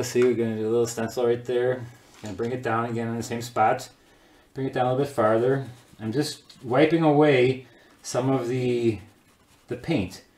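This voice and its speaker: A man teaching a casual watercolor paint-along, chatty and quick to laugh while he works. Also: medium pitch. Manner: chatty, laughs often, talks while working. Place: home studio. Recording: echoey room.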